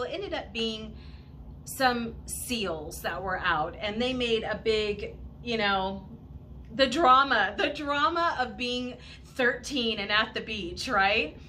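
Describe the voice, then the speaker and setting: A woman host telling a childhood beach story in a casual, animated way, laughing often. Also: on the high side, a little hiss or hum. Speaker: channel host.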